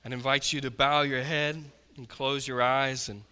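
A man preaching a sermon as pastor, impassioned, swinging from loud pleading to hushed questions. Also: medium pitch, level tone, moderate pace, clear, resonant tone, long reverb tail. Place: church.

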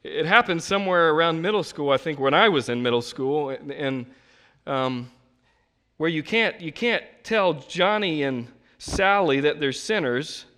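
A man in his thirties preaching a sermon in a conversational, animated way, acting out the voices of the people he quotes. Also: fairly high pitch, measured pace, smooth. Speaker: pastor. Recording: long reverb of a large hall.

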